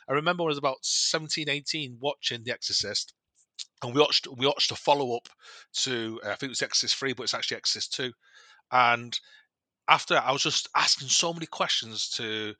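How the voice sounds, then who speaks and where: Brief: man, podcast guest, rambling storyteller, sharp bright tone, dry close sound. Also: mid-range voice, fast, no echo. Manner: rambling, many restarts and self-corrections; animated retelling with quoted dialogue. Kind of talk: casual storytelling.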